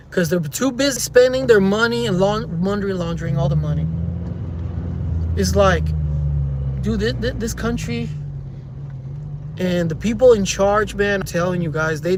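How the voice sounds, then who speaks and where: A man vlogging from his car in traffic, rambling and venting at his viewers, recorded on a phone on a dash mount. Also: high voice. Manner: rambling, frustrated, talks to viewers as guys. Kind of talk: casual driving vlog. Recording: car interior with faint road hum.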